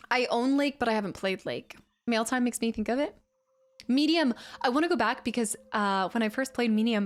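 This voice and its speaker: A woman game streamer in casual chat with her viewers, chatty and rambling, easily amused. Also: a little high.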